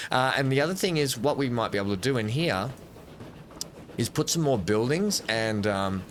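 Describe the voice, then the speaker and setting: A man's voice: on the low side, a bit bright, a little hiss or hum. A man giving casual let's-play commentary at a desk microphone, thinking aloud and correcting himself as he builds. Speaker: gameplay commentator.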